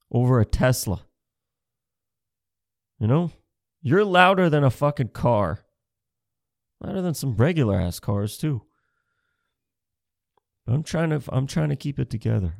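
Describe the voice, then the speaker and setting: Gravelly-voiced man doing stand-up. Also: medium pitch, a little mellow, no room sound, clean studio sound. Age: 30s. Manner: rambling, profane, self-mocking. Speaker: stand-up comedian. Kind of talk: stand-up comedy set.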